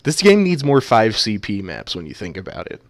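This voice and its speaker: A man's voice: on the low side, huge pitch swings, brisk, no room sound. A man casting a video game match live, trading playful jokes with his co-caster. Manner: joking, playful banter. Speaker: esports caster.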